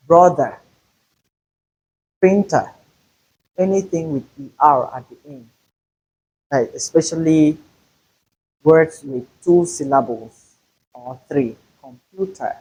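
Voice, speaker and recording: A male teacher giving a slow, deliberate pronunciation lesson, repeating example words to show stress. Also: on the high side, a little mellow, slightly rough, low-quality recording. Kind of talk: classroom-style pronunciation lesson.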